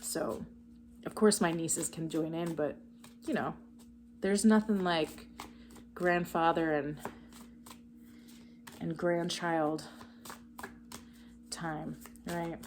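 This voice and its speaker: A woman's voice: low-pitched, steady tone, extremely slow, pauses often, a little hiss or hum. A woman giving a casual spiritual card reading, enthusiastic and encouraging, talking straight to her viewers. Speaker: tarot card reader.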